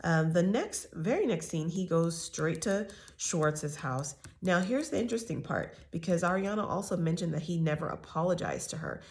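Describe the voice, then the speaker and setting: Low-voiced woman recapping reality TV. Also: very animated, normal speed, few pauses. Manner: chatty, opinionated, with many fillers and restarts. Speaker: TV recap host.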